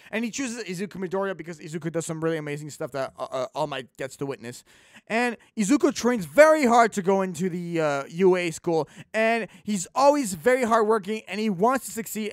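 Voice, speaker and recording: High-voiced rambling young man. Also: no echo, clean studio sound. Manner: rambling, stumbling over words with many fillers. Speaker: podcast host. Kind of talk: casual chat.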